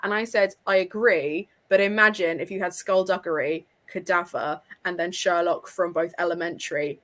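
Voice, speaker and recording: Excitable young woman chatting, swearing. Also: lowish voice, moderate pace. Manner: excitable, swears, laughs often. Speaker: podcast co-host. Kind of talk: casual chat.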